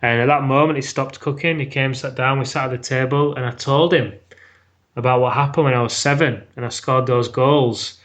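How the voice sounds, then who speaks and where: A man's voice: mid-range voice, steady tone, a little fast, fairly bright tone. A British man telling a personal story as a podcast guest, frank and swearing freely. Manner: frank, swears freely, acts out his own past words.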